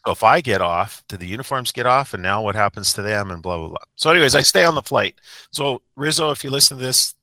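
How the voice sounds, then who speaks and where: A man's voice: medium pitch, animated, quick pace, sharp tone, dry recording. A man who coaches a sports team, telling a rambling, self-mocking story in a casual podcast chat.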